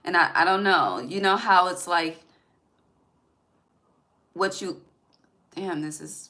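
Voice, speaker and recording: A woman's voice: lowish voice, measured pace, pauses often, pushed and bright, poor audio. Chatty woman reading tarot. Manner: chatty, emphatic, swears freely, talks to viewers directly. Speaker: tarot reader.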